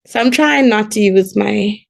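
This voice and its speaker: A woman in her twenties from the Bahamas with a Bahamian accent, chatting casually as a call-in guest and telling quick stories with laughs. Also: medium pitch, vocal fry. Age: 20s. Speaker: guest calling in. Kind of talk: casual chat.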